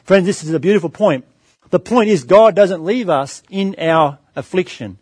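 A middle-aged man preaching a sermon in a high voice, recorded close and dry. He calls his listeners friends, asks them questions and answers them himself, and tells stories from his own life. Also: moderate pace, a little mellow, husky, dry recording. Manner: storytelling anecdote with varied pace.

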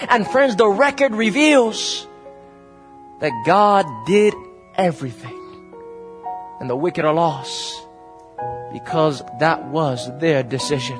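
A man's voice: high-pitched, takes it slowly, fairly bright tone, soft background music. A man preaching a dramatic, emphatic sermon, often calling his listeners "friends.". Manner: emphatic and dramatic, repeatedly addresses the audience as "friends".

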